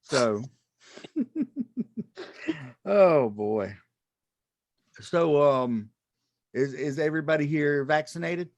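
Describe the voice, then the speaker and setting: A man doing a stand-up comedy set on a club stage, self-deprecating and halting, with many ums and restarts. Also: a little high, big pitch swings, darkish tone, no echo, highs cut off.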